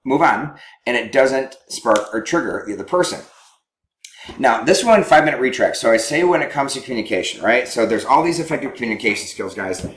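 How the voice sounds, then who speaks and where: A man's voice: medium pitch, lively intonation, fairly quick, fairly bright tone, slight background noise. A man who works as a counselor, teaching in a conversational way and often checking in with his listeners. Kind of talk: teaching talk on couples communication. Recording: roomy echo.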